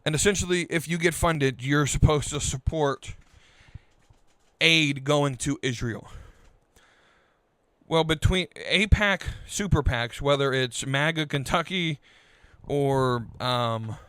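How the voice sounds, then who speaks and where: A frustrated man hosts his own podcast, trading a calm tone for an exasperated rant that keeps tripping over restarts. His voice sits a little high and sounds smooth and resonant. The recording is close and dry, with no room sound around it. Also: dry recording. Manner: frustrated, halting, many restarts. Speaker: podcast host. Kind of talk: political rant.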